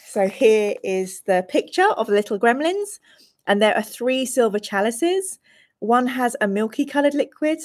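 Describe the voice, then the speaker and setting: Here a woman hosts a live stream of a gamebook, reading out each room's description and bantering with her viewers. Her fairly high voice moves at a normal speed, bubbly and self-mocking, with occasional excited squeals.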